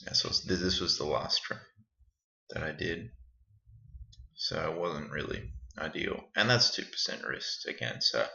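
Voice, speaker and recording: Low-voiced man rambling through a screen recording. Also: animated, measured pace, gravelly, sharp tone. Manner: rambling, thinking aloud, self-critical. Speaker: trader reviewing his backtest results. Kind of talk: casual screen-recording walkthrough. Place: indoors at a computer. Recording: echoey room, dull lo-fi sound.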